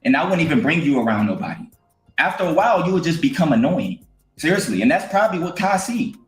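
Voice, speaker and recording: A man's voice: fairly high pitch, sing-song, fast talker. A man giving blunt, slangy, scolding commentary on a stream. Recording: roomy echo with faint music.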